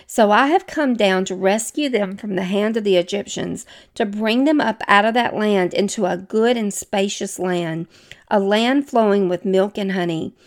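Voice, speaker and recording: A woman's voice: mid-range voice, moderate pace. A woman from the American South with a Southern accent, teaching from the Bible in a conversational way and turning to her listeners with chatty, self-deprecating asides.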